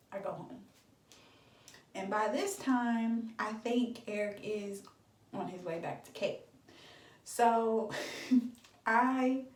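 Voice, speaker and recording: A woman's voice: mid-range voice, a little mellow, distant mic. A young woman in her twenties telling a dramatic storytime on her vlog, chatty and full of fillers. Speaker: beauty vlogger. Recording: echoey room, voice from off-mic.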